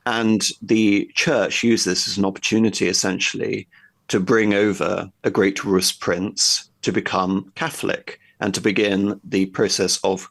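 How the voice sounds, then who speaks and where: A man with a lowish, gravelly voice is a guest in a history conversation, talking at length. He explains in a discursive, lecturing way, thinking aloud as he goes.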